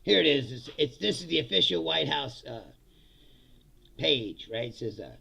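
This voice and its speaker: A man's voice: fairly high pitch, expressive, normal speed, vocal fry, sharp tone, breathy edge, lo-fi sound. A man delivering a profane, sarcastic political comedy rant, laughing between lines. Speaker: political commentator.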